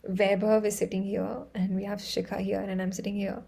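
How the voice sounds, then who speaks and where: Woman, Indian English accent, livestream host, mellow husky voice, casual and giggly. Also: mid-range voice, brisk, low-quality recording. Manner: chatty, laughs often, excitable storytelling. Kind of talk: casual live-stream chat.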